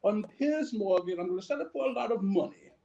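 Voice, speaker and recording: A man's voice: high voice, expressive, fast, creaky, dark tone, voice pushed up. A man doing a clumsy impression of a smug, pompous middle-aged British male TV host with a put-on British accent, on slightly dull lo-fi audio. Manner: smug, self-serving.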